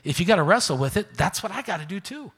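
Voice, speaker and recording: Middle-aged male pastor, emphatic sermon delivery that swings from quiet to shouted, bright voice, long church reverb. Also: high voice, sing-song, fast talker, slightly rough. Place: church sanctuary. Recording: reverberant sanctuary.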